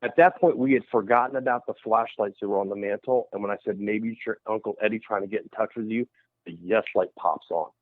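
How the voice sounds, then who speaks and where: A lowish male voice, fairly quick, comes through a dry, tinny phone line. The man, a paranormal investigator being interviewed on radio, brings his story to life by acting out the voices of others.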